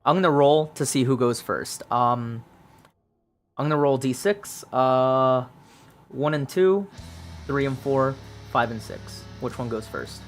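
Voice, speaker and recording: A man's voice: mid-range voice, takes it slowly, soft background music. A man casually narrating a solo tabletop game, thinking aloud through dice rolls with plenty of ums.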